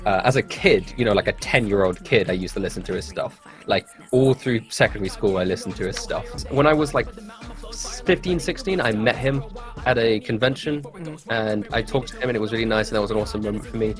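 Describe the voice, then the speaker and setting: A man's voice: lowish voice, a little fast, over music. A young man from England with an English accent, chatting as an interview guest in a laid-back, rambling way. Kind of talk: casual interview chat.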